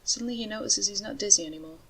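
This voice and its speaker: A woman narrating a story in a steady, measured way. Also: medium pitch, slight background noise, rough recording.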